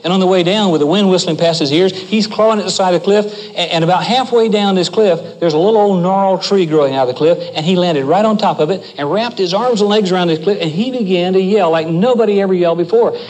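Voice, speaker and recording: A man's voice: sits high, fast talker, few pauses, low-quality recording. An older man telling a folksy story, acting out the voices of its characters. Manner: animated, acts out the voices in the story.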